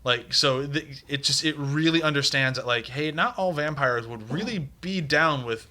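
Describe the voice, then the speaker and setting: A man's voice: a little high, normal speed, sharp tone, slight background noise. A man co-hosting a podcast about films, chatting casually and enthusiastically, rambling and swearing now and then. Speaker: podcast co-host. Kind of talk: casual movie podcast chat.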